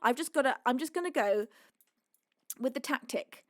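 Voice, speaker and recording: Brief: British woman streamer, higher voice, effusive chat to her fans, dry close sound. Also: animated, moderate pace, dry recording. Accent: British English. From United Kingdom. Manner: gushing, effusive thanks with frequent laughs. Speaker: streaming singer-songwriter host. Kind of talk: livestream chat to viewers between songs.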